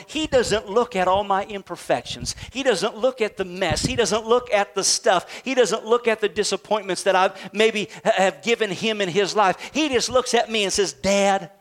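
This sermon comes from a middle-aged male pastor whose voice is notably high. His forceful preaching climbs to near shouts before easing into slow, quiet passages that make his points.

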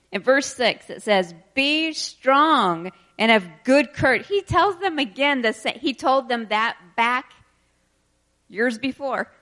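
A woman preaching a sermon, reading scripture verses slowly and with emphasis, then explaining them in quicker asides and laughing between points. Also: high-pitched, animated, fairly bright tone.

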